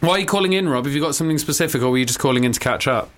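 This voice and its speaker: A man's voice: fairly high pitch, racing, fairly bright tone. A man hosting a casual comedy chat, teasing and laughing often. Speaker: podcast host.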